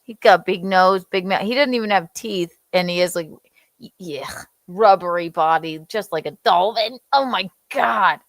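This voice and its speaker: A woman's voice: on the low side, moderate pace, no room sound. A young adult woman co-hosting a casual chat, teasing and swearing freely. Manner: teasing and profane, acting out quoted voices. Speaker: podcast co-host.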